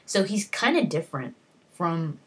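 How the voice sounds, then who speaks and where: A woman with a low, breathy voice talks through a book's plot in a loose, unscripted way. She circles back on herself and fills gaps with "like" and "you know" as she retells each scene. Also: sing-song, measured pace. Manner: rambling retelling with frequent "like" and restarts. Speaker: book reviewer. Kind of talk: casual spoken book summary.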